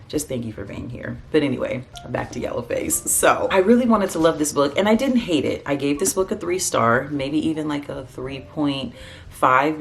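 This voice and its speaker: A woman chatting casually about books in a home vlog, animated and gushing, recorded in her bedroom. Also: extremely low pitch. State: out of breath. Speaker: booktuber. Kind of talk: casual book vlog chat. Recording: faint background noise.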